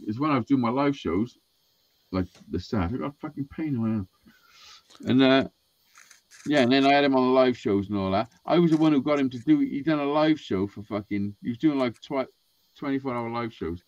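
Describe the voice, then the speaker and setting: A man's voice: mid-range voice, a little fast. A man telling a rambling, sweary story in casual podcast chat, acting out what people said. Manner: sweary, animated, acts out quotes. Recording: dull lo-fi sound.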